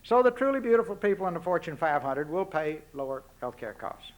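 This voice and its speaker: This is a man in his sixties with a strong Texan accent and a notably high voice. He delivers a public address in a folksy, punchy way. He leans on plain, blunt rhetorical questions throughout. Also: very animated, fairly quick. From Texas. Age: 60s. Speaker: public speaker. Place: university lecture hall.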